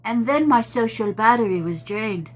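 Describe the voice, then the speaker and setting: A woman host chatting casually to her viewers, telling a story with animated quotes and laughter. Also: fairly high pitch, normal speed. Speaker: tarot channel host.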